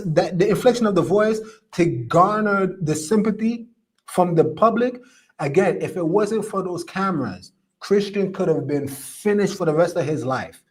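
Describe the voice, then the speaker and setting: Male streamer host, slightly high voice, preachy and emphatic, repeats lines for effect. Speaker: podcast host reading live comments. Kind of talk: opinionated live-stream commentary.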